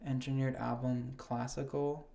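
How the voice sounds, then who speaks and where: A young man with a mellow, warm voice chatting casually on a podcast. He reads nomination lists at a slow, unhurried pace and drops swear words freely. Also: mid-range voice, little pitch movement, creaky. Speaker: podcast host. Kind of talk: casual chat reading award nominations.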